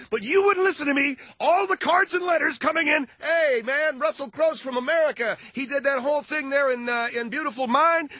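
A man playing a loud, bigoted male talk radio commentator who shouts and blusters at callers. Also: very high voice, no echo. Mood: smug. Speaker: radio show host. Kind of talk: comedic talk radio character.

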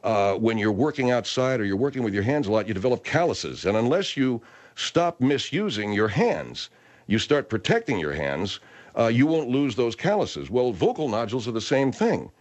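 A male radio talk show host rambles through the news, pausing and restarting his thoughts. His medium-pitched voice rises and falls in a lively way. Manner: rambling, hesitant, lots of restarts.

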